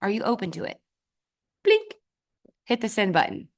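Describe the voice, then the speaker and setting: A woman's voice: fast, gravelly. Punchy, emphatic woman guest speaker. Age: adult with children. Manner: emphatic and punchy, with sudden leaps up in pitch for stress; addresses the audience directly in short commands. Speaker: guest speaker, sales team trainer. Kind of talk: motivational sales training talk.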